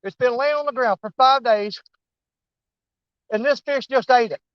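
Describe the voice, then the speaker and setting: A man narrating a fishing trip on a snowy riverbank in a folksy, excitable way, talking straight to his viewers. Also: very high voice, moderate pace, clean tone, no echo, muffled recording. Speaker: fishing vlogger. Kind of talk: casual outdoor commentary.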